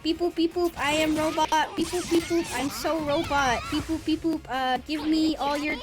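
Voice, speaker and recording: A woman's voice: high-pitched, steady tone, moderate pace, over music, lightly acted. A woman voicing a goofy, greedy robot, chanting beep boop in a bouncy sing-song.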